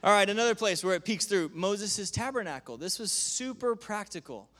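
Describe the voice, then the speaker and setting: A male preacher giving a sermon, telling stories in an animated way with frequent laughter. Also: high-pitched, moderate pace. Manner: animated storytelling, laughs often.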